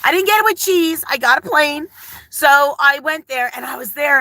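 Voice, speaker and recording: An older woman hosts a live stream from her phone, chatty and effusive, rambling from one story to the next. Her voice sits high and bright, recorded close and dry with no room sound. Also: moderate pace, no room sound, rough recording. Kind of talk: casual live-stream chat.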